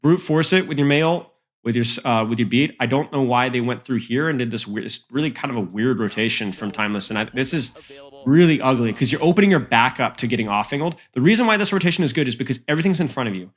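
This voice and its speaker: A man's voice: mid-range voice, lively intonation, quick pace, hardly any pauses. A man working as an esports coach, reviewing match footage with blunt, emphatic critique and frequent repeats. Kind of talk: analytical game review.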